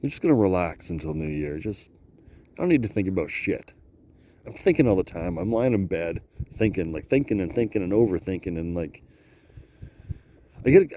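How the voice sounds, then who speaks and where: Guy rambling to his handheld cam outside in the cold, lowish mellow voice, laughs a lot, faint wind-ish noise behind. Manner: rambling, laughs often, self-talk. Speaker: vlogger. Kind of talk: casual rambling vlog. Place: outdoors on a high lookout, cold.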